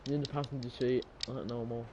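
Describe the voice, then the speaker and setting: A man's voice: mid-range voice, little pitch movement, quick pace, background noise. A young man in casual gaming chat, blunt, focused on the game and swearing offhandedly. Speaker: podcast co-host.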